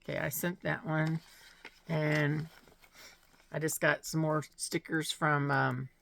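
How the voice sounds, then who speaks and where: A slow-talking woman with a gravelly, low-set voice chats to camera in a casual vlog. She gushes over what she opens, laughing often and talking straight to her viewers. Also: flat delivery, a bit bright, a little hiss or hum. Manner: gushing, chatty, laughs often. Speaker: vlogger showing mail and gifts.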